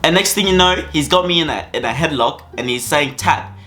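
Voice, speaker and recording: A man's voice: a little high, lively intonation, brisk, pushed and bright, slight background noise. A young man telling a school story to camera in a rambling, casual way, full of fillers and repeats. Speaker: vlogger.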